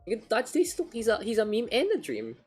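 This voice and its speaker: A man's voice: high voice, huge pitch swings, quick pace, husky, soft background music. A man with a Filipino accent, hosting a casual game stream and swearing loosely as he mixes English with Filipino. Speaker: caster and stream host.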